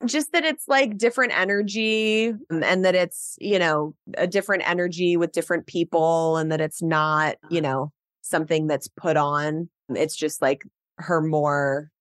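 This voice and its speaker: A woman hosting a podcast, telling stories in a casual, animated way with lots of filler words. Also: low voice, moderate pace, no echo, clean studio sound. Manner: animated storyteller, frequent "like" fillers. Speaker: podcast host. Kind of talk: casual chat.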